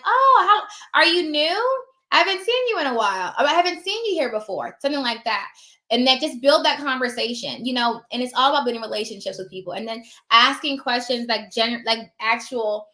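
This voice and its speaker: A chatty woman with a high, bright voice gives casual, rambling advice, slipping into animated bits of acted dialogue. She sounds a little tired. The room around her is echoey. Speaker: notary.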